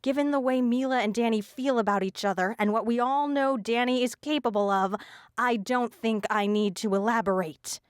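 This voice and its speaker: A woman voicing a normally soft-spoken teenage girl who is frantic and shouting with fury. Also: moderate pace, clean tone, no room sound, studio quality, lightly acted. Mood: furious. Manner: shrill, furious.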